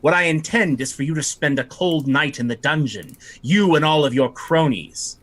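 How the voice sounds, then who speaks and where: A man's voice: a little high, moderate pace, fairly bright tone. A man voicing a stern, imperious male elven lord who barks orders with contempt. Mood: contemptuous.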